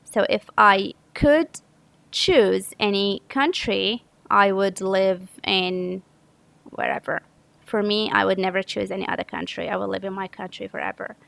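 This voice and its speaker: Slow, gravelly-voiced woman teacher. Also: mid-range voice, a bit bright, no echo, rough recording. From Saudi Arabia. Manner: patient, step-by-step explaining with frequent self-corrections. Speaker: English teacher. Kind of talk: grammar lesson walkthrough.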